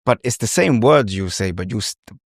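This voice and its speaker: A man's voice: on the low side, animated, normal speed, no echo, studio quality. A man hosting a podcast, asking curious, thoughtful follow-up questions in casual chat. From England. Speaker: podcast host, interviewer.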